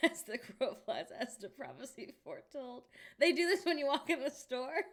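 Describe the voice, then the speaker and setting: A woman's voice: high voice, big pitch swings, normal speed. Girl streaming n browsing, wry little comments, voice bounces up n down a lot. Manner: chatty, wry, reacts out loud to what she sees. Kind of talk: casual chat while browsing online.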